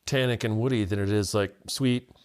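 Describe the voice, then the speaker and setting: Easygoing man in his forties, lowish voice. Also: fairly even intonation, a little fast, clear, resonant tone. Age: 40s. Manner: easygoing storyteller, rambling with fillers. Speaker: guest, spirits buyer for a retailer. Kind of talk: casual tasting chat. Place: podcast studio.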